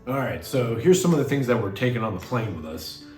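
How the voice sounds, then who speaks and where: A man's voice: medium pitch, very animated, fairly quick. A man hosting a comedic casual vlog, talking in a jokey, self-mocking way. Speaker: host. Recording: roomy sound from a distance with music.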